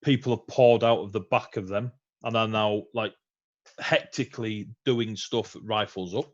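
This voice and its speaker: A man runs a tabletop role-playing game in a low, easygoing voice, filling pauses with ums and frequent chuckles. The sound is muffled and dull, as if it came over an online call. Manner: relaxed, laughing often, many ums and uhs. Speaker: game master.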